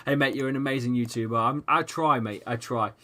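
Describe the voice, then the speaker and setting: A man's voice: medium pitch, a little fast. A man hosting a live football watchalong stream, ranting at the match, swearing and reading out viewers' chat. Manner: excitable, swears freely, rants at the match; reads out viewers' chat messages.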